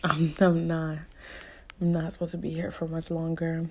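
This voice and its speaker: A woman's voice: low-pitched, monotone, moderate pace. A young woman telling a personal story in a candid, emotional way, talking casually with blunt slang and plenty of fillers.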